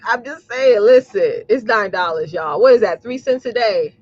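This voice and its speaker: A woman's voice: medium pitch, animated, moderate pace, darkish tone, muffled recording. A woman business coach hosting a live talk, blunt and sassy, calling her audience y'all and preaching about mindset. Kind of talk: live streamed motivational talk.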